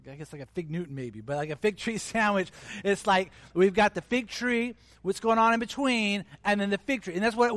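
Pastor guy preaching, chatty and animated, high voice, dry and close. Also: no echo. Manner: conversational, animated, acts out voices of people. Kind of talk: sermon.

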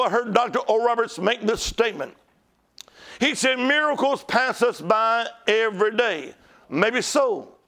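A man preaching a sermon as pastor, emphatic, asking rhetorical questions and calling the congregation to shout back. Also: high voice.

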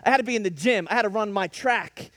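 A male preacher delivering a lively sermon, telling stories and rising to sudden emphatic bursts. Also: sits high, quick pace, no room sound. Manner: animated preaching with storytelling and sudden emphatic rises.

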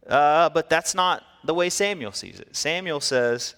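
Animated storytelling preacher in a reverberant hall. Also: male voice, fairly high pitch, measured pace, hardly any pauses. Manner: storytelling, animated, acts out quotes. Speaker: pastor. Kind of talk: sermon.

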